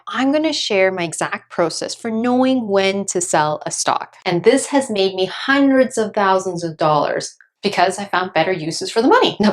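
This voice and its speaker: A woman in her thirties explaining stock investing to her viewers in a casual, animated way, often checking in with "okay?" and acting out panicked investors. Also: mid-range voice. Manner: animated, acts out panicked investors in quick asides; frequent "okay?" check-ins. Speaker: personal finance YouTuber.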